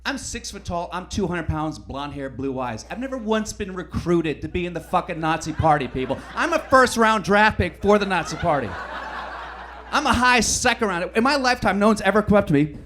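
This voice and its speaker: A brash male stand-up comedian with a fairly high voice delivers crude material. He swings from loud, punchy bursts to low, throwaway mutters. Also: animated, fairly quick, a little hiss or hum. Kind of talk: stand-up routine.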